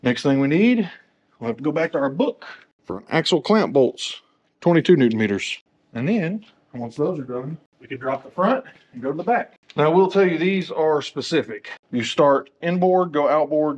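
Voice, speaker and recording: A man working as a motorcycle technician, talking through a wheel install in a workshop with joking, self-deprecating asides. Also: medium pitch. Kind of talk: casual how-to tutorial.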